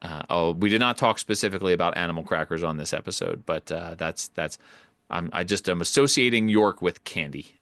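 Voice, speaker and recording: A man's voice: low voice, a little fast, fairly bright tone, no room sound. A man from Pennsylvania co-hosting a podcast, answering trivia playfully and reasoning aloud. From Pennsylvania, USA. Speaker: podcast co-host. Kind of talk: casual chat.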